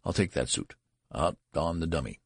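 A man's voice: a bass voice, moderate pace, breathy edge, no room sound, studio quality, full character voice. Man doing a flustered, stammering father. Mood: nervous. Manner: nervous, stammering. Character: flustered, harried new father, nervous and stern.

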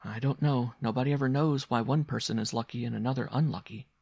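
A man reading a story aloud, voicing a weary mother who speaks in a measured, bitter way. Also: medium pitch, steady tone, vocal fry, darkish tone, husky, no room sound, clean studio sound, voice pushed up.

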